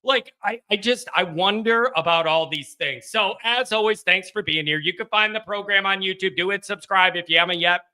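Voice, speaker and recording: A man's voice: high-pitched, normal speed, few pauses, bright, forceful tone. A man hosting a live sports call-in stream, chatting casually from a home studio, rambling and joking with his chat viewers.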